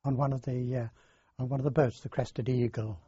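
An older man, recounting his past in a halting, rambling way in an oral history interview. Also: medium pitch, steady tone, mellow, slightly rough, no room sound. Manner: halting, rambling storyteller with many fillers. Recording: dull lo-fi dry recording.

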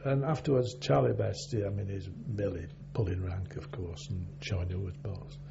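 Gravelly older man, halting. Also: low-pitched, steady tone. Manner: rambling, halting, with many fillers. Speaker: interviewee, former navy sailor. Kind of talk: oral history interview. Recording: dull lo-fi recording with faint hum.

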